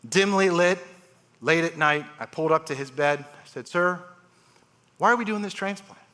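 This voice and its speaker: A man's voice: on the high side, moderate pace. A man giving a storytelling talk on stage as a transplant surgeon, acting out the voices of his patients. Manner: animated, acts out patients' voices. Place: large live event hall.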